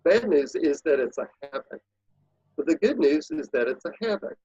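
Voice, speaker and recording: A man talks in a husky, slightly breathy voice, pressing his points home with an emphatic coaching manner. The audio is dry and muffled, with a lo-fi dullness. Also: a little high, expressive, moderate pace, warm tone, no room sound. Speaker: guest, productivity speaker and consultant. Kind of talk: casual interview talk.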